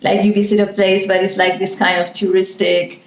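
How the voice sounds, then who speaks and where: A woman's voice: medium pitch, level tone, normal speed, echoey room, slight background noise, rough recording. A woman with a Spanish accent, a native Spanish speaker, teaching English pronunciation in an enthusiastic, rambling way with many fillers. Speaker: pronunciation coach. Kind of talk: teaching monologue.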